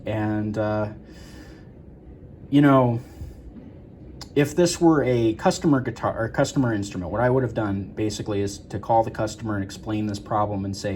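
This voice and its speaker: Low-voiced man explaining guitar repair. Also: moderate pace, a little mellow, a little hiss or hum. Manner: rambling, many fillers and restarts. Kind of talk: casual workshop explanation.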